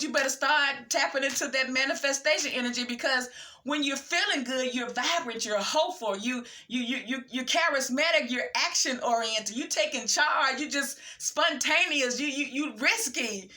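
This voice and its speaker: A woman's voice: sits high, moderate pace, pushed and bright. A woman giving a casual tarot reading, reading card text aloud and reacting with emphatic slang. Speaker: tarot reader.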